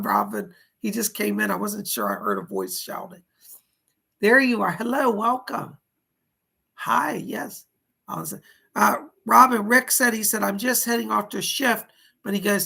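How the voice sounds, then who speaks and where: A man hosting live psychic readings. He relays spirit messages with a steady "he said", and he reads viewer donations aloud and thanks each viewer. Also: sits high, vocal fry, slightly rough. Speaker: psychic medium host.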